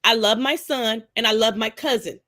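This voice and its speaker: A woman's voice: fairly high pitch, normal speed, sharp tone, dry recording. A woman in her forties talking on a discussion panel, emphatic, repeating herself and cursing freely. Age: 40s. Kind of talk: casual discussion.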